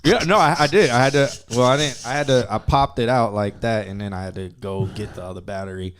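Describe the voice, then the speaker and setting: A young man hosting a casual podcast, relaxed and easygoing, often trailing off quietly and laughing. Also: mid-range voice, fast talker, a little hiss or hum. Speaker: podcast host. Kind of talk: casual chat.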